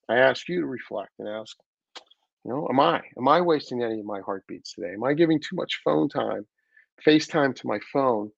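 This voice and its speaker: A man gives an earnest, searching talk and stumbles into restarts as he thinks aloud. His voice has a gravelly rasp. The sound is close and dry but a little dull and lo-fi. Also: mid-range voice, dry recording. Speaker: host. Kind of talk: reflective weekly talk.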